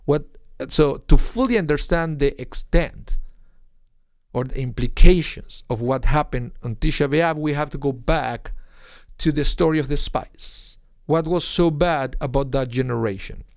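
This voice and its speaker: A rabbi with a young son teaches a weekly Torah class online, informally, using rhetorical questions and acting out quotes. His medium-pitched voice has some vocal fry, and the recording is clean studio audio with no room sound.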